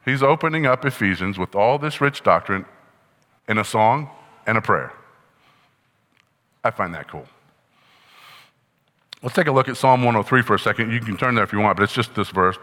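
Speaking at normal speed and pausing often, a pastor with a bright, somewhat low voice delivers a relaxed, teaching sermon. He walks through the text while posing frequent questions to the congregation, with long hall reverb behind him.

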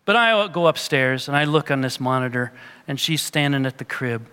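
A man's voice: medium pitch, lively intonation, moderate pace, smooth. Older male pastor preaching in a hall. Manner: earnest preaching, rising to emphatic peaks, closing in quiet prayer. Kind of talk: sermon.

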